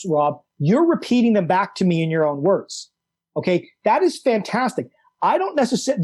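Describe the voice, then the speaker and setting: Emphatic high-voiced male coach. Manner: animated, emphatic, repeats key words. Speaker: guest, coach and author. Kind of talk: enthusiastic explanatory conversation.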